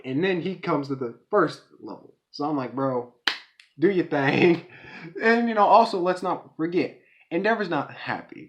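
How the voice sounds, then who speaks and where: A man giving a casual, excited episode review, talking in slang and acting out characters in quick voices. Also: a little high.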